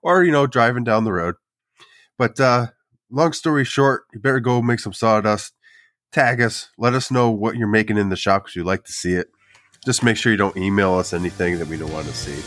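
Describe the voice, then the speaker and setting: Low-voiced man with a dry close sound. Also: a little fast, a bit bright, no echo. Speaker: podcast co-host. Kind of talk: casual podcast outro chat.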